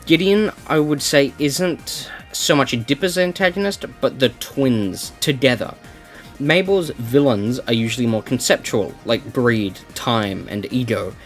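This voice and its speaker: A man reads his scripted review with keen, emphatic energy, leaning on repeated words to drive a point home. His voice sits at a medium pitch. Faint music plays softly underneath. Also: measured pace. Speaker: video essayist reviewing a cartoon series. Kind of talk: scripted commentary narration.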